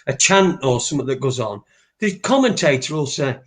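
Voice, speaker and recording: A man's voice: mid-range voice, lively intonation, brisk. A man, co-hosting a casual chat and telling rambling, sweary stories. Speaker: podcast co-host.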